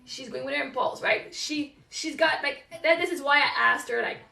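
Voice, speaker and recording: A woman's voice: high voice, normal speed, creaky, sharp tone, reverberant, distant mic. A woman venting candidly about motherhood in casual live-stream chat while folding laundry at home, swearing and laughing often. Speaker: live streamer, single mom.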